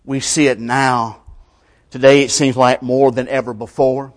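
A man preaching a sermon, his delivery swinging from loud emphatic passages to hushed, almost whispered lines, in plain colloquial grammar. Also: mid-range voice, flat delivery, a little slow.

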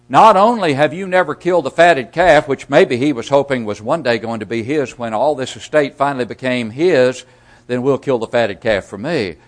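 A man preaching a sermon, asking rhetorical questions and swinging from loud emphasis to hushed asides. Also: on the high side.

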